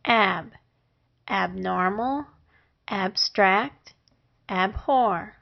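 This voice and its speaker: A woman teaching a phonics lesson, sounding out syllables and words one at a time with long pauses between them. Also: medium pitch, gravelly. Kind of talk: slow, deliberate phonics lesson. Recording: dull lo-fi recording.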